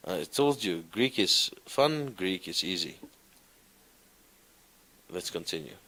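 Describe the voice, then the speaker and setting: Slow, low-voiced man teaching a class. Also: animated, bright, forceful tone. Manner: slow, encouraging, asks the class questions. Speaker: Greek teacher. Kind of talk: classroom lecture.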